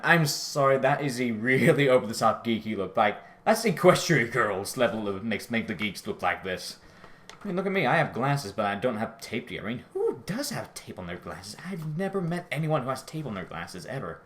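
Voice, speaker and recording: A man giving a casual, rambling episode review, often correcting himself and apologizing, his voice jumping high when he gets out of breath. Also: fairly bright tone. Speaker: show reviewer.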